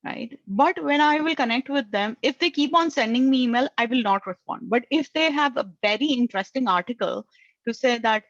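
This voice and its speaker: A woman's voice: sits high, expressive, normal speed, no room sound. A woman giving earnest career advice to job seekers, often checking in with a questioning "right?" as she makes her points. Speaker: career networking speaker. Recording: dull lo-fi dry sound.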